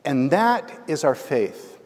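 A man's voice: a little high, very animated, slow, darkish tone. A man preaching a sermon as the pastor, telling a story and asking the congregation "right?". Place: church. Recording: long hall reverb.

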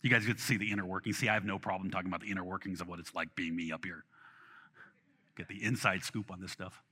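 A man preaching a sermon in a conversational, animated way, often repeating himself as he restarts his phrasing. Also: low-pitched, fast, husky, long reverb tail. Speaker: pastor.

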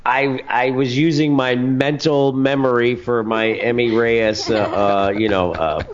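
A man's voice: mid-range voice, fairly even intonation, a little slow, slight background noise. A man calling in to a radio show, chatting casually and stumbling over fillers. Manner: hesitant, full of fillers. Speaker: caller. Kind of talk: phoned-in casual chat. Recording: dull lo-fi radio recording.

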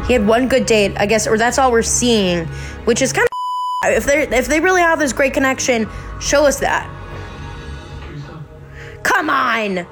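Woman podcast host, casual reaction commentary, blunt and sweary, voice sits a bit high. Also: unhurried, pauses often, music in the background. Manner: blunt, swears freely, excitable.

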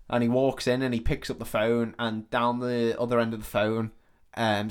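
A man on a podcast, chatting loosely as he recounts a film scene by scene. He swears freely, laughs often and slips into the characters' lines as he goes. His voice sits at an everyday middle pitch for a man. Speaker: podcast co-host. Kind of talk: casual chat retelling a film plot.

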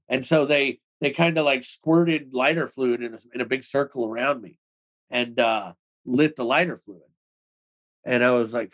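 A man speaking as an interview guest, telling his own story in rapid, loose talk with many "like"s and plenty of swearing. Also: mid-range voice, poor audio. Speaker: interview guest, former extremist. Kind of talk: casual storytelling in a podcast interview.

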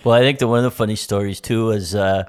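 A man's voice: fairly low pitch, fairly even intonation, quick pace. A man co-hosting a casual chat, asking questions and retelling stories eagerly. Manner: eager, asks questions, retells with quoted voices. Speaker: podcast co-host.

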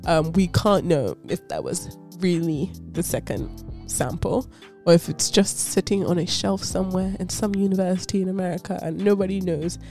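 A woman's voice: on the low side, normal speed, hardly any pauses, warm tone, faint music behind. A woman co-hosting a podcast, telling a story in casual chat and laughing often. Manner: giggly, chatty storytelling with frequent laughter. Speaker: podcast co-host.

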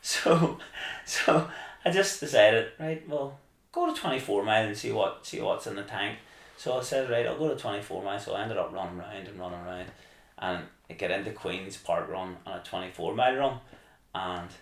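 A man telling a rambling, animated story as a podcast guest. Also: fairly low pitch, vocal fry. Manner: animated, rambling, acts out his own excited shouting. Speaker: podcast guest, marathon runner. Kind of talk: casual storytelling. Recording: echoey room.

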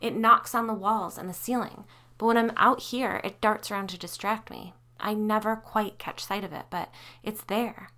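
A woman's voice: medium pitch, steady tone, normal speed, bright, forceful tone, voice pushed up. A woman voicing an anxious, tormented wife, with a strained, pleading delivery.

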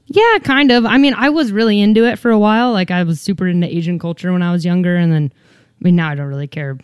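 A woman guest in casual chat, animated and self-mocking, swearing freely. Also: fairly low pitch, fast talker, clean tone, no room sound.

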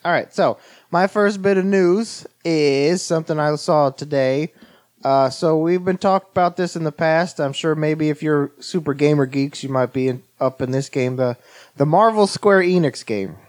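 Geeky podcast guy rambling excitedly, voice a bit high. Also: normal speed. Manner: enthusiastic, rambling. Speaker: podcast co-host. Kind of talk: casual chat.

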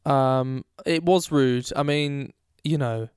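A man co-hosting a podcast and chatting remotely, joking and teasing in a deadpan way. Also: medium pitch, unhurried, clean tone, dry recording, studio quality. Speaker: podcast co-host, musician. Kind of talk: casual podcast chat. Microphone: remote recording, close mic.

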